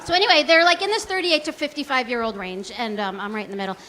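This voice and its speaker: A woman's voice: sits high, fast, very noisy. A woman in her forties doing a stand-up comedy set, chatty and self-deprecating, full of likes and ums. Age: 40s. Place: small comedy club stage.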